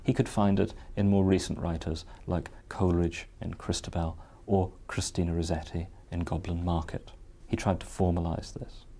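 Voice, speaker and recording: A man explaining poetry in an interview, in a thoughtful, measured way. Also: deep voice, level tone, mellow. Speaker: literary scholar.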